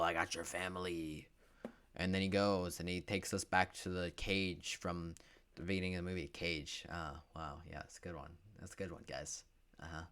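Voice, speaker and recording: A young man with a low, slightly bright voice, a movie reviewer, gives a profane, sarcastic film recap. It's packed with filler words and swings between muttering and outbursts.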